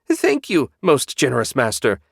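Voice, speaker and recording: A man's voice: mid-range voice, huge pitch swings, normal speed, vocal fry, a bit bright, breathy edge, dry recording, studio quality, pitched above the performer's own voice, heavily acted. A man voicing a bitter, sarcastic male demon servant with a grumbling, whiny manner in an audiobook. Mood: shrill sarcastic. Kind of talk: audiobook character voice.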